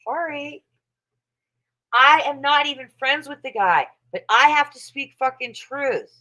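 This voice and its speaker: Woman host, bright voice, mocking profane livestream rant. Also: high-pitched, a little slow, low-quality recording. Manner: profane, mocking, laughs often. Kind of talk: casual ranting livestream chat.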